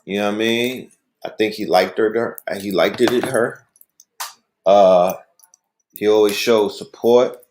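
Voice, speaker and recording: A man with a lowish voice hosts a casual, rambling monologue. He tells stories loosely and often checks in with "you know what I mean". The recording sounds like an echoey room. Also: fairly even intonation, measured pace, pauses often, darkish tone, slight background noise. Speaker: host.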